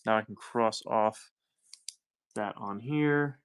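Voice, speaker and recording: A man with a Southern accent runs a live coin auction in an easygoing, upbeat patter, calling out lots and cheering buyers on. His voice sits on the low side and comes across smooth and clear. The sound is dry and close, with no room echo. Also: takes it slowly. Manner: upbeat, chatty, thanks buyers by name.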